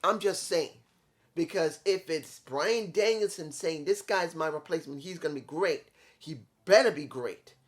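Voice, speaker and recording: A man's voice: a little high, moderate pace. A man reviewing a wrestling show on his own, emphatic and opinionated, repeating his points in short punchy lines. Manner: opinionated, repetitive, emphatic rants. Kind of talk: solo video review.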